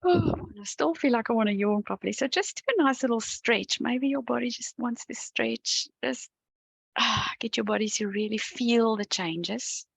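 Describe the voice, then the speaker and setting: Calm gravelly-voiced woman tapping coach. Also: fairly high pitch, normal speed, no echo, poor audio. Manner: gentle, calm, talks the viewer through each step. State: yawning and sighing as she relaxes. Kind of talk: guided tapping session to camera.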